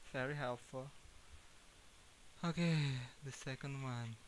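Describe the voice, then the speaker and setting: A man's voice: medium pitch, takes it slowly, rough recording. Scared indonesian guy playing a vr horror game, keeps repeating stuff, bit of hiss on the mic. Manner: jumpy and nervous, repeats phrases in panic, laughs it off. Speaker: gaming YouTuber. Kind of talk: horror game let's-play.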